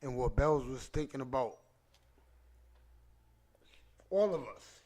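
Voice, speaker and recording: A man's voice: mid-range voice, animated, moderate pace, dark tone. A man hosting a podcast, telling an emotional personal story in street slang and repeating phrases for emphasis, choked up at times. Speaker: podcast host.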